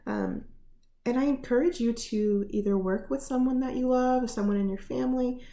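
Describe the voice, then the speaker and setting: A woman giving a casual lesson on feelings from her living room, explaining gently with many fillers. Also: a little high, big pitch swings, normal speed, roomy sound. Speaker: teacher.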